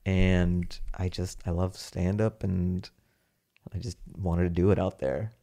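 Male comedian, Seattle-born, deep gravelly voice, rambling casual storyteller. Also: flat delivery, slow, dark tone. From Seattle, USA. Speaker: stand-up comedian and TV writer, podcast guest. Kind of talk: casual chat.

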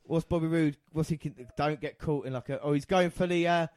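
A man co-hosting a podcast, calling a wrestling match with swings from low mutters to loud excited shouts. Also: fairly quick, no room sound, studio quality. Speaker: podcast co-host.

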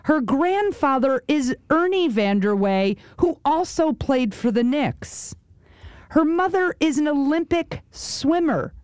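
A woman co-hosting a casual chat show, telling animated stories with quick asides and repeated words. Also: high voice, no echo, studio quality. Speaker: co-host.

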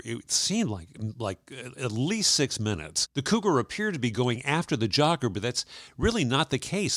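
A man co-hosting a morning radio show, talking in loose, laughing banter full of "uh"s. His pitch swings widely as he talks. The studio sound is close and dry. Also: fairly bright tone, no room sound. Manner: chatty, laughs often, lots of uh fillers. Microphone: studio mic.

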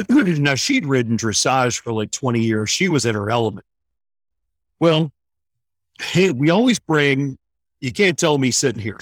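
Big-voiced man telling a lively story. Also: medium pitch, dry recording. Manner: animated storyteller, acts out quotes. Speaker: guest running horse programs for veterans. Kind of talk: casual storytelling on air.

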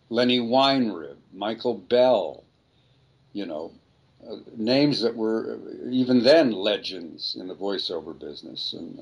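A man's voice: fairly low pitch, vocal fry, breathy edge. An older man, a voice actor, speaking as an interview guest and reflecting on his career in a rambling, self-deprecating way. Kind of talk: casual interview storytelling.

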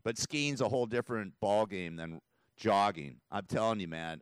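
Deep-voiced rambling radio host, man. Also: moderate pace, smooth, no room sound. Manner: rambling, emotional, laughs often. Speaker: radio talk show host. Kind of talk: casual talk radio monologue. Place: radio studio. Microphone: studio mic.

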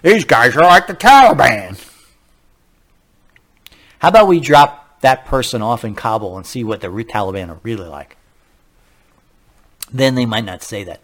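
Guy doing a talk radio monologue, fired up, lots of rhetorical questions, mid pitch. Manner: animated, incredulous, rhetorical questions.

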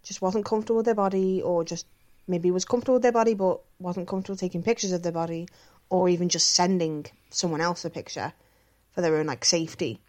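Frank, sweary woman with a low voice. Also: a little mellow. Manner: frank and sweary, many fillers like "like" and "um". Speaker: podcast co-host reading listener questions. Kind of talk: casual chat.

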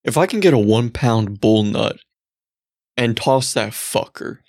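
A man co-hosting a casual podcast chat, telling rambling, profane stories and jumping to high, excited exclamations. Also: measured pace. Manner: profane, rambling storyteller with big excited pitch jumps.

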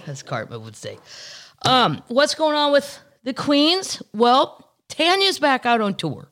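A woman's voice: high-pitched, sing-song, takes it slowly, a bit bright. A woman from Missouri hosting a casual podcast, chatting and joking while reading news stories aloud. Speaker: podcast host.

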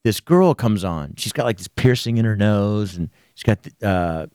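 A man's voice: fairly low pitch, expressive, moderate pace, warm tone, clean tone, dry recording, studio quality. A man hosting a podcast, telling a story animatedly with lots of swearing in casual chat. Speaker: podcast host.

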